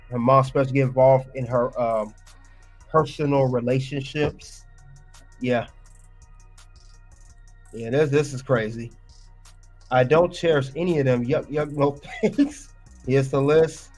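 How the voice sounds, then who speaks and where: Ranting man reacting to a clip. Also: mid-range voice. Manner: fired up, ranting and scolding. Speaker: reaction video host.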